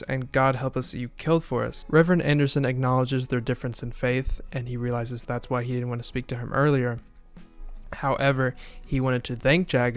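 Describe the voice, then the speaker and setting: Man, mid-pitched voice, monotone delivery, casual episode recap, faint music behind. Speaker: video essayist recapping a TV episode.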